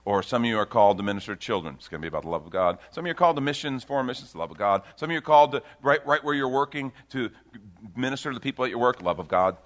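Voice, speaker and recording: A middle-aged pastor preaching a sermon to a congregation, delivered with big swings between loud emphasis and quiet intensity. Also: male voice, lively intonation, rapid-fire. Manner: dynamic preaching with big swings in pitch and loudness.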